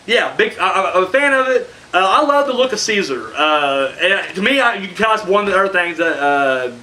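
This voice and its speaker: A man's voice: high-pitched, bright, forceful tone, a little hiss or hum. A man reviewing horror films in a rambling, profane way, full of fillers and sarcastic asides. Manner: profane, rambling, heavy on "you know" fillers. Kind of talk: casual rambling film review.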